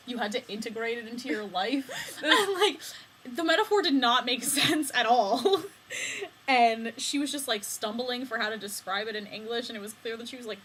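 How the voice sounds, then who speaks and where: Young woman, casual vlogger, giggly rambling storyteller, slightly high-pitched. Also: a bit bright, slight background noise, poor audio. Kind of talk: casual vlog chat.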